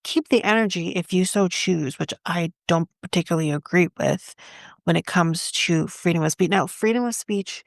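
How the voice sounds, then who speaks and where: Opinionated woman with a gravelly low voice. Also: normal speed, no echo, clean studio sound. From Canada. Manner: opinionated, emphatic, self-interrupting. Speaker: podcast co-host. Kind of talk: casual opinion chat.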